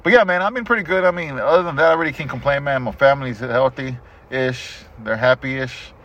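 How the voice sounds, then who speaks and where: A middle-aged man hosting a casual podcast chat, telling stories in an animated, profane way. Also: mid-range voice, fairly quick. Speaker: podcast host. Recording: dull lo-fi podcast audio.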